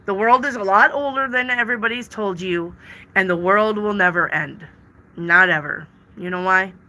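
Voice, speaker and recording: A woman with a sharp, mid-range voice and a moderate pace does tarot readings on a live stream. Chatting casually, she reads viewer questions aloud and replies with emphatic repetition.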